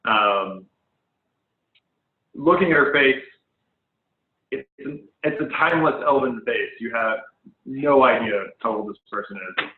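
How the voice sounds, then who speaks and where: A man's voice: medium pitch, slow pace, pauses often. A man running a tabletop game as game master, describing scenes in a hesitant way full of ums, over an online voice call. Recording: phone-like online call audio, echoey room.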